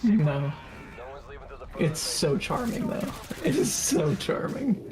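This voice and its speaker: A man's voice: high voice, big pitch swings, slow pace, background noise. A man co-hosting a gaming stream, rambling casually with laughs and the odd curse. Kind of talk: casual gameplay chat.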